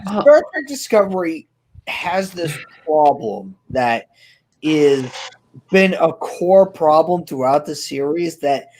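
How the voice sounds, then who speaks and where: A man's voice: on the high side, animated, slow, a little mellow, poor audio. A man in a casual group chat, sarcastic and swearing freely. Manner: sarcastic, profane. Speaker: podcast panelist.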